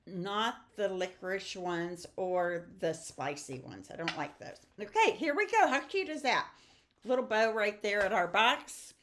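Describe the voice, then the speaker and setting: Chatty woman teaching a papercraft class. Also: mid-range voice. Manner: chatty, upbeat, talks to viewers while crafting. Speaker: stamping and papercraft instructor. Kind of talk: casual craft tutorial.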